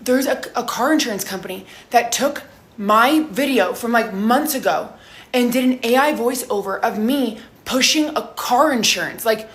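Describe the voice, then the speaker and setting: A woman's voice: on the high side, normal speed, a bit bright. A hungover young woman telling a story in a casual vlog, swearing heavily and animatedly.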